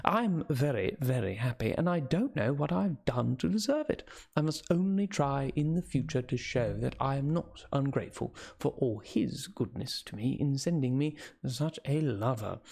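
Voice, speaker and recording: A man's voice: medium pitch, animated, moderate pace, vocal fry, a little mellow, slightly rough. A man voicing a sweet, emotional young Victorian woman writing a letter, in a gushing and tender manner. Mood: giddy.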